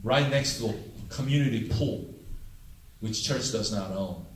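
A man preaching a storytelling sermon, switching into animated voices for each exchange. His voice is middle in pitch and reaches the mic from across a room. The room rings with echo over a faint hum of ambience. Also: measured pace. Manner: animated, acts out dialogue with big pitch jumps. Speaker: pastor. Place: church sanctuary, heard from afar. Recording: echoey room, distant mic.

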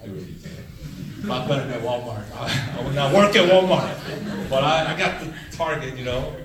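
Male pastor, storytelling sermon, animated voice, roomy echo, distant mic, faint ambience. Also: normal speed, background noise. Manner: animated, acts out dialogue with big pitch jumps. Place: church sanctuary, heard from afar. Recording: echoey room, distant mic.

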